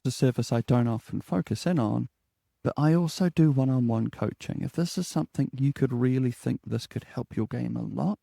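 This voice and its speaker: A New man teaching an HR lesson in a calm, deliberate voice that settles downward at the end of his statements. His tone is dark and gravelly. The sound is dry and close. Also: medium pitch, no echo. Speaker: HR coach and podcast host. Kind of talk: spoken HR lesson.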